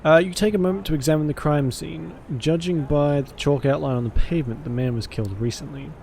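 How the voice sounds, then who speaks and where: A man narrating a visual novel aloud in a measured, theatrical way. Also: a little high, creaky, a little mellow, slight background noise. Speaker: streamer and voice actor.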